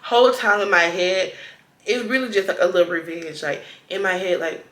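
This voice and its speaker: Bright-voiced young woman telling a story. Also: medium pitch, normal speed. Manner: animated, laughing retelling with quoted dialogue. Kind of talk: casual storytime vlog. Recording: echoey room with faint noise.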